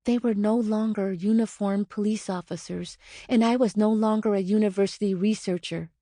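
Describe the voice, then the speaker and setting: A woman narrating her own nonfiction audiobook in a measured, earnest reading on a close studio mic. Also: medium pitch, steady tone, warm tone, no room sound.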